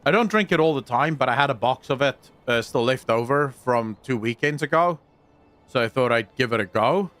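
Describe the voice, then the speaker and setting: A man chatting casually while playing a game, relaxed and swearing in offhand asides. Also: mid-range voice, moderate pace. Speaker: gaming streamer. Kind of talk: casual gameplay chat.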